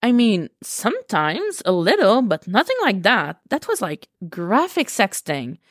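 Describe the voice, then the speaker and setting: A woman doing a shrill, incredulous young woman. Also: huge pitch swings, a little slow, dry recording, studio quality. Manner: shrieking, incredulous.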